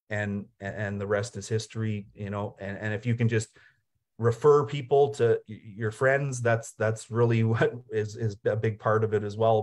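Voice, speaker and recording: A man with a fairly low voice, speaking as a guest over a video call. He talks casually and persuasively, earnest and a bit repetitive. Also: darkish tone. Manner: earnest, repeats words, persuasive. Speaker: guest team member. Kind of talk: casual talk.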